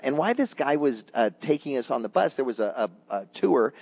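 A man's voice: mid-range voice, brisk, gravelly, few pauses, husky. An older man preaching a conversational sermon, telling anecdotes to his congregation. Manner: animated storytelling, acts out voices in anecdotes; conversational, addresses congregation as guys. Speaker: pastor.

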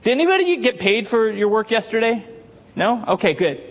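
A man preaching a sermon in a church, his voice pitched high above most men's. He keeps it conversational, asking the congregation questions as he goes. The sound rings with the long reverb of the sanctuary. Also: big pitch swings, fairly quick. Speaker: pastor.

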